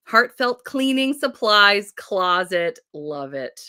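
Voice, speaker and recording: Woman, 30s, home livestream host; chatty, giggly, pitch all over the place. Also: big pitch swings, pushed and bright. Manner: bubbly, chatty, quick to laugh. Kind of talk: casual livestream chat.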